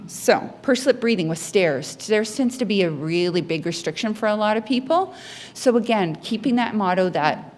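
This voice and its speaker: A woman giving a health education talk on breathing techniques, lively and acting out patients' words in her stories. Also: mid-range voice, normal speed. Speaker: pulmonary rehabilitation educator.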